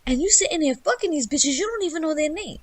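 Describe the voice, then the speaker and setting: A woman with a New York accent co-hosting a podcast, giving blunt, profane advice in a brash, loud way. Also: sits high, animated, quick pace, dry recording. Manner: brash, loud, swears constantly. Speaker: podcast co-host.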